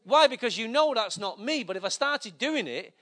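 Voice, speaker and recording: Male preacher with a notably high, bright voice; casual, joking delivery that talks straight to the congregation. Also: lively intonation, normal speed. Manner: conversational, joking preaching with asides to the audience. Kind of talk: sermon.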